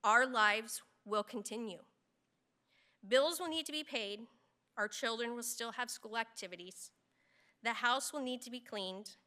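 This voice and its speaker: A woman hosting a memorial ceremony, speaking in a solemn, measured way in a large hall. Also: on the high side, pushed and bright. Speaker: ceremony host.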